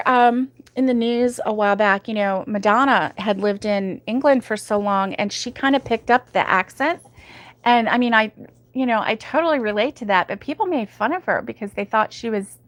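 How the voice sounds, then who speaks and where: A woman's voice: fairly high pitch, moderate pace, dry recording. A woman hosting a crochet livestream from home, chatting casually and giggling often as she reads viewer comments. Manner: chatty and giggly, with many ums.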